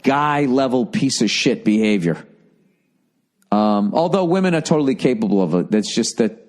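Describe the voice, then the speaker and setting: A man's voice: fairly low pitch, a little mellow. An American man hosting a podcast, talking bluntly and profanely, sarcastic, giving advice in casual chat. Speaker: podcast host.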